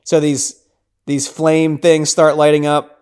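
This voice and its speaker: A man hosting a podcast, casually recapping a film scene by scene, with lots of "like" and "right?", dropping to a hush for tense moments. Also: a little high, completely flat delivery, slow, clean tone. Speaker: podcast host.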